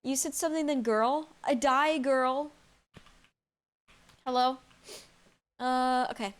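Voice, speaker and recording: A woman's voice: high-pitched, slow, clear, resonant tone. A woman live-streaming a game from home into a desk mic, chatting casually, reacting aloud, answering chat and laughing often. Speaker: streamer playing a horror game.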